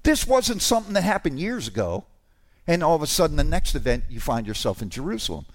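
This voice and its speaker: A man preaching a sermon, animated and informal, with asides and restarts, rising to shouts on key lines. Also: on the high side, quick pace. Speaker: pastor.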